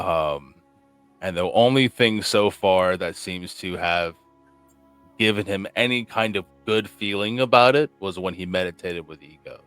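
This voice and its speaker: A man's voice: deep voice, a bit bright, clear, resonant tone, no room sound. A man playing a tabletop game, rambling casually as he thinks aloud about his character's next move, filling his speech with "like" and "okay.". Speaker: player.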